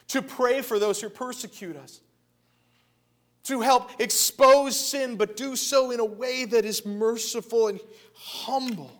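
A man preaching a sermon earnestly, swinging between loud emphatic lines and hushed, quiet passages. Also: sits high. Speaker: pastor.

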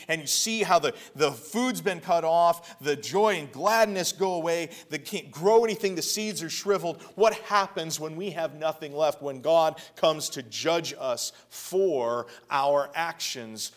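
A man preaching a sermon earnestly, swinging between loud emphatic lines and hushed, quiet passages. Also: fairly high pitch, measured pace, few pauses. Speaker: pastor.

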